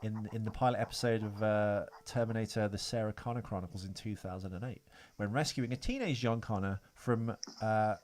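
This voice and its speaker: A man's voice: lowish voice, brisk, few pauses, a little mellow. Rambling man reading trivia on a podcast. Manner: rambling, hesitant, reads trivia with many fillers. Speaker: podcast co-host. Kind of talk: casual chat.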